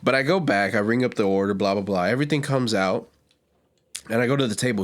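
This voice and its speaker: A man co-hosting a podcast in casual chat, telling a lively story and acting out the people in it. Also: fairly low pitch, fast talker. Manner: animated storyteller, acts out quotes with loud yelps. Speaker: podcast co-host; restaurant server.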